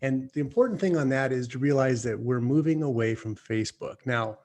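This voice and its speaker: Man, talk radio host, middling pitch, folksy, opinionated, joking. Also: darkish tone. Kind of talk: talk radio monologue and banter.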